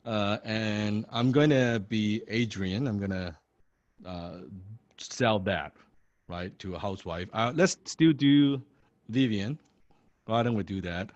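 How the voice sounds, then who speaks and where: A sales coach talking on a video call, chatty and self-correcting as he explains his method. His voice is of middle pitch and sounds dry. The call audio is a little muffled. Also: slow pace, a little mellow, dry recording. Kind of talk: sales training role-play.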